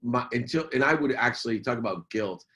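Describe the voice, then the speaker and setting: A man's voice: medium pitch, animated, a little fast, sharp tone. A middle-aged man, a businessman and motivational speaker, telling a personal story as a podcast guest in an earnest, emphatic way, repeating key phrases.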